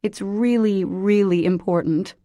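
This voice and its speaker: A woman's voice: medium pitch, measured pace, warm tone, no echo, studio quality, lightly acted. A woman playing a young mother who calls out frantically and comforts her child tenderly, in an audiobook. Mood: gentle. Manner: pleading, edged with hysteria.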